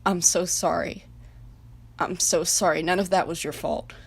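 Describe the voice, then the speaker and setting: Woman voicing a gentle, remorseful male nation figure. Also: lowish voice, fairly even intonation, unhurried, creaky, breathy edge, exaggerated voice. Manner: soft, hesitant, apologetic.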